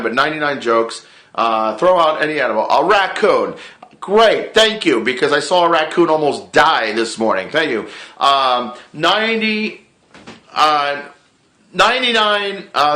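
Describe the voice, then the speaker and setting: A man's voice: a little high, roomy sound. A man who acts and does improv, chatting casually to camera. He rambles, restarts his sentences, swears freely and gets worked up as he talks. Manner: rambling, excitable, swears a lot, frequent restarts. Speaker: vlogger and improv actor.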